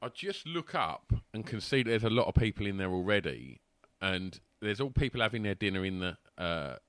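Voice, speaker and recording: A man tells a chaotic story over a video call, laughing as he goes and slipping into other people's voices. His voice is bright and swings widely in pitch. The recording sounds dry and close. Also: moderate pace, no echo. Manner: animated, laughing, acts out voices. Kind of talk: casual storytelling chat.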